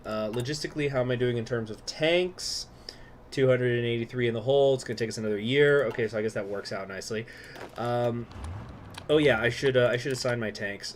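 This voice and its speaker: A man's voice: mid-range voice, slight background noise. A man hosting a casual gaming livestream, talking to himself about plans and swearing now and then. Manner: talks to himself, muttering plans, occasional swearing. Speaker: host.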